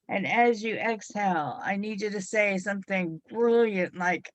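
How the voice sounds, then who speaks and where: A middle-aged woman hosts a hypnotherapy talk radio show, guiding listeners into relaxation in a bubbly, playful manner. Her medium-pitched voice is a bit froggy and hoarse, unhurried yet with hardly any pauses. The recording is lo-fi with no room sound.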